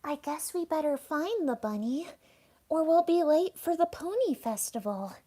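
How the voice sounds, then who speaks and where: A woman doing an impression of a timid, soft-spoken female cartoon pony, quiet and shy. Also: high-pitched, expressive, moderate pace, pitched above the performer's own voice.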